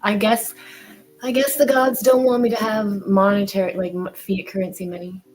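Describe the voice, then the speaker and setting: Woman telling an animated, swear-heavy story. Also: medium pitch, normal speed, faint music behind, low-quality recording. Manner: animated storyteller, swears a lot, acts out her own lines. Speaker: stream co-host. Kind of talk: casual chat.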